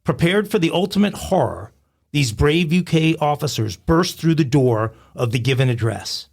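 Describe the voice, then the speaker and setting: A man's voice: a little high, expressive, moderate pace, creaky. A man co-hosting a crime podcast, reading a funny news story in a mock-dramatic storytelling way. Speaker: podcast co-host.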